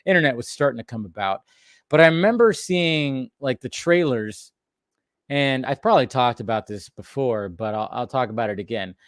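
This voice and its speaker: A man in his thirties hosting a casual stream, telling a story in an animated way, swearing and raising his voice at times. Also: mid-range voice, normal speed, no echo, studio quality. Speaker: podcast host.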